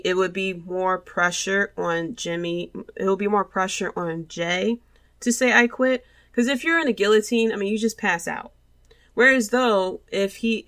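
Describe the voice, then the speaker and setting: A woman's voice: lowish voice, fairly bright tone. A woman hosting a podcast, giving a casual, rambling wrestling review and acting out quoted lines as she retells the match. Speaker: podcast host.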